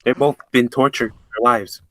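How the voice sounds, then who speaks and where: A young man in casual chat, chiming in loudly with excited questions. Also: mid-range voice, normal speed, background noise. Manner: loud, excited interjections and pushy questions.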